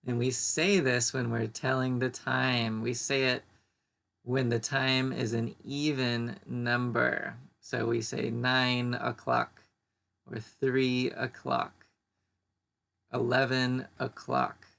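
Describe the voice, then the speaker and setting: A man teaching an English pronunciation lesson, saying each word slowly and carefully twice. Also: mid-range voice, flat delivery, creaky, fairly bright tone. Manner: slow, deliberate modeling of each word twice.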